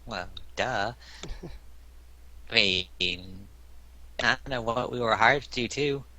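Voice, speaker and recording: A man's voice: medium pitch, takes it slowly, bright, forceful tone. A man playing a tabletop game, rambling and laughing as he talks. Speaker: player. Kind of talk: casual tabletop play.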